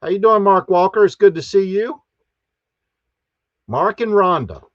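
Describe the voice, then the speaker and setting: On his live stream, a host with a somewhat high voice greets each viewer in folksy fashion, expressive and unhurried. The sound has no echo and is dry and a bit dull, like a lo-fi home setup.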